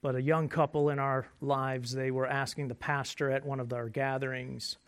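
A man preaching a sermon as pastor, conversational and joking, moving between quiet asides and loud emphasis. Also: medium pitch, little pitch movement, normal speed, clean tone. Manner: conversational and self-deprecating humor.

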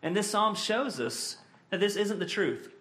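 A man preaching with an earnest, conversational delivery, his voice sitting a little higher than most. He reads scripture slowly and then explains it in plain words, with frequent small fillers. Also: lively intonation, fairly bright tone. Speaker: pastor. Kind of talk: sermon.

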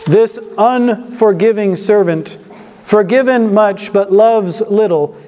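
A man's voice: high-pitched, a little mellow, long reverb tail. A man preaching a sermon as pastor, driving his points home with rhetorical questions and rising emphasis.

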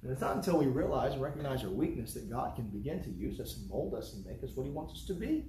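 A man's voice: medium pitch, big pitch swings, quick pace. A man from the United States preaching a sermon in earnest, repeating his points in rhetorical lists. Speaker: pastor. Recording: echoey room, faint background noise.

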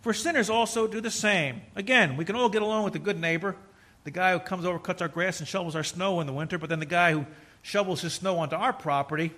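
A man's voice: high voice, fast talker, bright, forceful tone. A man preaching a sermon as pastor, talking to the congregation in a conversational way with asides. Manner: conversational preaching with asides and quoted inner voices.

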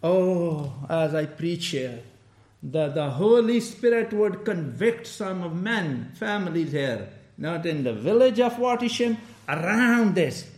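A man preaching a sermon in a church, lively and often laughing as he quotes people. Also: sits high, slow. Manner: animated, laughing often, quoting people in raised voice. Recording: echoey church room.

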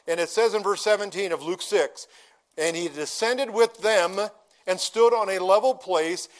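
A middle-aged pastor with a high voice delivers a sermon in a relaxed, conversational teaching style. He puts questions to the congregation and draws out key phrases slowly for emphasis. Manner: slows down to stress key phrases.

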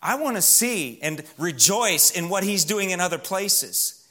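Pastor, man, bright and slightly high voice, emphatic sermon delivery that sinks to a hush on key words, church setting. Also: lively intonation, unhurried.

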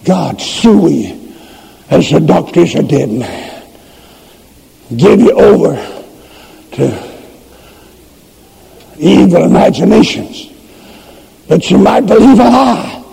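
Male revival preacher, high gravelly voice, dark tone, shouting sermon in a reverberant church hall. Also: big pitch swings, slow, pauses often. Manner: shouting, preaching with rising emphasis. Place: church service.

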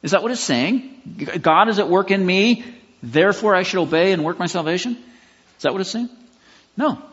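A man teaches scripture in a relaxed, conversational style, with a husky voice that rises and falls lively and stresses the key words. His speech sounds muffled and lo-fi, with a long reverb trailing behind. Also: sits high, a little fast. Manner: conversational, emphatic, with self-questioning asides. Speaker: pastor and podcast host. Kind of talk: expository Bible teaching.

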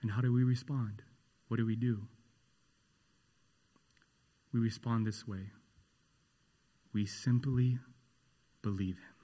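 A man preaching a sermon in a slow, earnest and emphatic way. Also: mid-range voice, fairly even intonation, mellow.

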